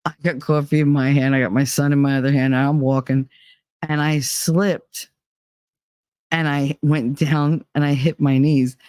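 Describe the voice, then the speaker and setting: A woman's voice: low-pitched, little pitch movement, normal speed, a little mellow, dry recording. A woman hosting a podcast, telling personal stories in a candid, profane, laughing way. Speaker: podcast host. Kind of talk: casual personal storytelling.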